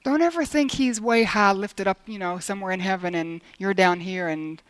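A middle-aged woman preaching a sermon in an earnest, lively way, moving between emphatic lines and hushed ones and repeating phrases for emphasis. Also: mid-range voice, moderate pace, no room sound.

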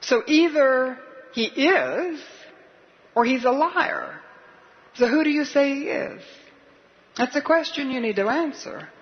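A woman's voice: high-pitched, expressive, slow pace, pauses often, highs cut off. A woman preacher delivering a sermon in an earnest, questioning, urgent manner.

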